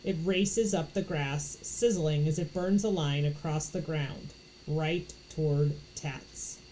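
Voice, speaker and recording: A woman's voice: deep voice, slow pace, warm tone, a little hiss or hum, rough recording. A woman from Florida reading a novel aloud, narrating in first person with expression. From Florida, USA. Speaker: audiobook reader.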